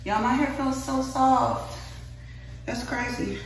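A woman's voice: fairly high pitch, fairly even intonation, vocal fry, a little hiss or hum. A young woman, talking casually to viewers about her hair and a little out of breath. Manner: chatty, rushed, addresses viewers as y'all. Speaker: beauty vlogger. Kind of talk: casual hair-care vlog. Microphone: phone camera at a distance. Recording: echoey room, phone mic at a distance.

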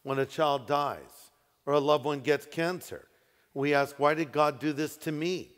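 A pastor preaching a sermon, stressing key phrases and slowing down for emphasis. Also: male voice, on the high side, steady tone, a bit bright. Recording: echoey hall with long reverb.

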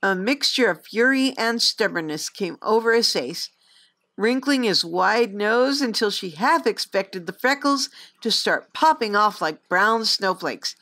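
A woman reading a fantasy novel aloud in an expressive, lively storybook narration. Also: mid-range voice, unhurried. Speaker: audiobook reader.

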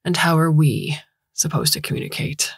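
A woman voicing a dismissive middle-aged male director who talks low and flat. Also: moderate pace, slightly rough, no room sound, clean studio sound, full character voice. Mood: sarcastic.

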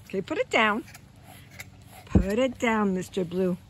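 A woman's voice: medium pitch, expressive, slow pace, slightly rough. A woman talking casually to her pet dog in a yard, coaxing it with sing-song calls and frequent laughter. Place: outdoors in a yard.

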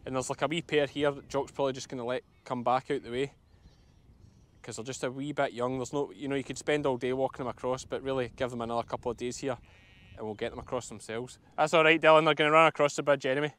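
A man's voice: medium pitch, steady tone, quick pace, a bit bright. A Scottish man, a sheep farmer, chatting casually and explaining as he works outdoors on his farm. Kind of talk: casual vlog narration while working.

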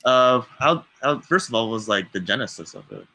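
A young man hosting a casual podcast chat, relaxed and laughing, with halting restarts. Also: mid-range voice, dry recording. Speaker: podcast host.

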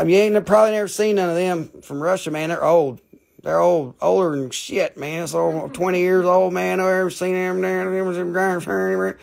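A man's voice: a little high, gravelly. A man hosting a live sale, rambling casually, swearing and repeating prices. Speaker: live stream seller of minerals. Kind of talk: casual live sales talk.

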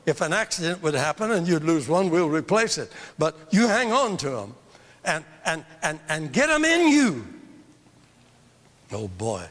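This older man teaches a church seminar with a high-pitched, fairly bright voice, preaching fervently and emphatically and repeating phrases for emphasis. The recording carries the long reverb of a large church hall.

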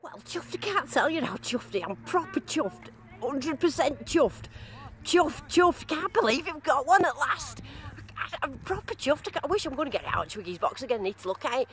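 A woman vlogging a metal detecting dig outdoors, chatting in a bubbly, excitable way and repeating herself in delight. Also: high-pitched, a little fast. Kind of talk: excited casual running commentary.

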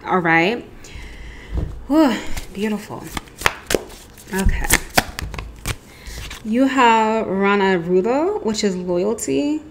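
A woman's voice: medium pitch, lively intonation, very slow, pauses often, background noise. A woman giving a casual, chatty tarot reading, rambling with lots of asides. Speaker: tarot reader.

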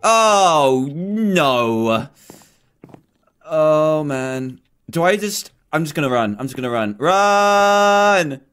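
A man's voice: on the high side, a bit bright. A man hosting a game video, giving nervous, jumpy horror game commentary and talking to himself as he plays. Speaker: gaming video host.

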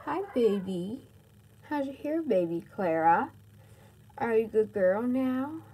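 A woman hosting a toy video, cooing and soothing softly in pretend play with a doll. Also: fairly high pitch, animated, slow pace, husky, rough recording.

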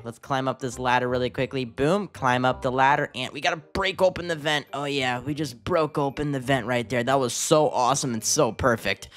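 Excitable young man narrating gameplay. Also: medium pitch. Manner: excitable, gasping, keeps calling viewers dude. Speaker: gaming YouTuber. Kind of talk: gameplay commentary.

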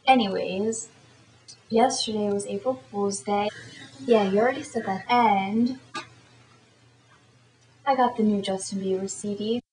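A woman's voice: mid-range voice, roomy sound, a little hiss or hum, poor audio. A teenage girl vlogger telling a story in a chatty, rambling way. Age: teens. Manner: chatty and rambling, lots of fillers. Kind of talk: casual storytelling to camera.

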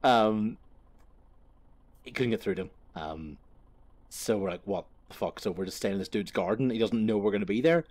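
A gaming video creator with a fairly low, darkish voice talks at normal speed, leaving long pauses. While casually commenting on gameplay, he spins a long, profane, meandering story. He corrects himself often and laughs along the way.

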